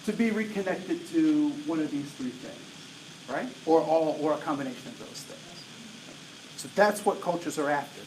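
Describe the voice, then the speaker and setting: A man in his late forties giving an energetic diversity talk to an audience, often asking "right?" to check in with them. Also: a little high, normal speed. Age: 40s. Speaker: diversity trainer. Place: large room with an audience. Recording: roomy echo, voice from a distance, faint noise.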